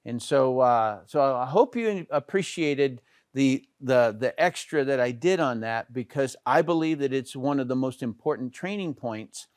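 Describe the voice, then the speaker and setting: A man's voice: mid-range voice, animated, measured pace, hardly any pauses, darkish tone, clean tone, no room sound, studio quality. A middle-aged man giving a casual training talk on network marketing, chatty, with many fillers and restarts. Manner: conversational, many fillers and restarts, pointing with "here".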